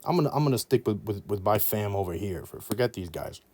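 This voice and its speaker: A man's voice: lowish voice, expressive, fast talker, a little mellow, dry recording. A man playing a stubbornly upbeat knight. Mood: defiant. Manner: breezy, dismissive.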